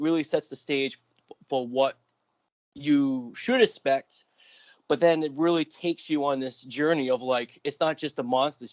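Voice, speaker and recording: A man's voice: mid-range voice, no echo. A man in his thirties co-hosting a casual podcast, eager and restless, tumbling through his words with fillers. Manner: excitable, restless, lots of fillers. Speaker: podcast co-host. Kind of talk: casual chat.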